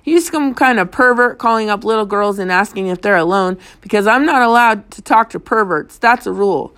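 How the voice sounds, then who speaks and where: A woman reading an audiobook, voicing a hot-tempered young girl who snaps and shouts defiantly. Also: mid-range voice, brisk, lightly acted. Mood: defiant, shouting. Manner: loud, snapping and defiant.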